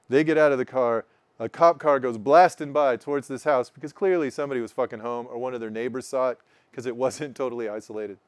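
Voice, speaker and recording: A man's voice: mid-range voice, clean tone, dry recording. A man in his forties from Oregon, telling a profane, self-mocking story in casual chat and acting out what people said. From Oregon, United States. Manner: animated, profane, self-mocking, acts out voices. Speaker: guest storyteller.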